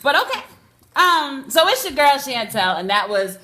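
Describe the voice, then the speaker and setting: Woman, radio host, teasing, laughs a lot, lively pitch. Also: moderate pace, roomy sound. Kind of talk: casual radio chat.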